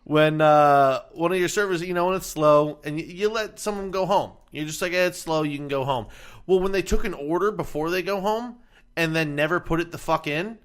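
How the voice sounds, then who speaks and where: A young adult man co-hosting a podcast in casual chat, telling profane, animated stories. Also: fairly high pitch, a little fast, clear, resonant tone. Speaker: podcast co-host.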